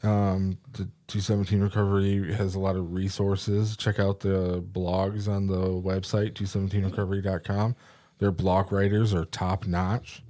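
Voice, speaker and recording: A man's voice: sits low, flat delivery, normal speed, dark tone. A man co-hosting a casual podcast, talking in a laid-back way with dry jokes, recorded in an office at his workplace. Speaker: podcast co-host and peer recovery coach. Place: office in their workplace building.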